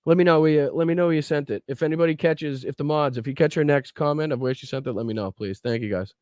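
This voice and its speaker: A man's voice: a little high, quick pace, a little mellow, no echo, lo-fi sound. A man hosting a political podcast livestream, talking bluntly and profanely while reacting to clips and greeting chat. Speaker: podcast host.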